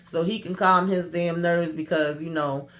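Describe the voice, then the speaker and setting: A woman walks through a TV episode in a casual, animated recap. Her talk is full of slang, and she drops into quick impressions of the characters as she goes. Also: on the low side. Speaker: YouTube TV recap host.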